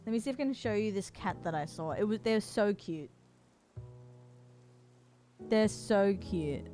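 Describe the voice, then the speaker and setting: A woman's voice: medium pitch, expressive, a little slow, pauses often, dark tone, soft background music. A woman streamer chatting casually with her viewers, gushing and cooing as she talks to them. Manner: gushing, cooing over cats, talking to chat. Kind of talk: casual live-stream chat.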